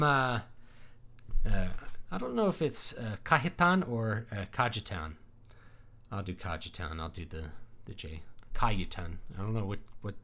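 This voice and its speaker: A man's voice: fairly low pitch, a bit bright. A man hosting a casual livestream, talking in a rambling conversational way with many fillers and restarts, reading viewer messages. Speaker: livestream host.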